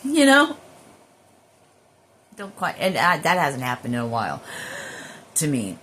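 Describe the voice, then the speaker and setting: A woman's voice: extremely low pitch, big pitch swings, normal speed, a bit bright, slight background noise. A woman who works as a spiritual healer, rambling in a casual spiritual monologue with drifting, profane asides.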